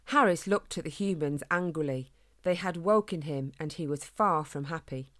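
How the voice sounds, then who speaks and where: A woman narrating a children's storybook in an expressive, clear read-aloud manner. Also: low voice, normal speed.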